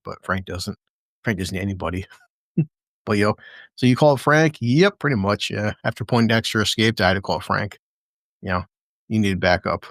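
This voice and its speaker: A man's voice: fairly low pitch, no room sound. Man, casual show recap, swears a lot, acts out scenes, dry close sound. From American Midwest. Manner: profane, animated, acts out lines from scenes. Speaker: podcast host.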